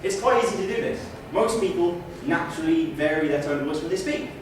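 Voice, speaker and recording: A man's voice: a little high, lively intonation. A man giving a public speaking training speech on a stage, with wry asides. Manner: demonstrates loud, soft, slow and fast delivery. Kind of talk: training speech to a live audience. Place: stage in a hall. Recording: echoey room, mic far off, faint noise.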